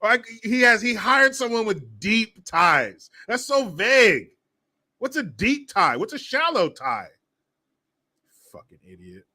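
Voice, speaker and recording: A man hosting a political commentary show, sarcastic and animated, often laughing and swearing. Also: high voice, measured pace. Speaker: host.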